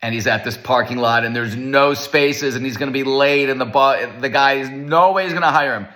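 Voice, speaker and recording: A man giving a casual Torah lecture, animated and storytelling, acting out the voices of the people in his stories. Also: medium pitch, fairly quick.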